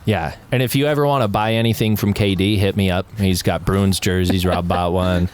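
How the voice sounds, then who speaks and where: A man's voice: deep voice, fairly even intonation, brisk, darkish tone, smooth. Laughing, profane man co-hosting a podcast. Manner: laughing, swearing storyteller who acts out quoted talk. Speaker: podcast co-host. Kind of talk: casual chat.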